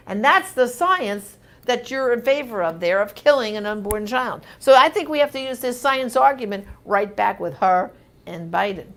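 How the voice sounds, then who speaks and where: A woman's voice: fairly high pitch, lively intonation, normal speed. A woman hosting a live question-and-answer show, reading viewer comments and answering in an emphatic, indignant, chatty way.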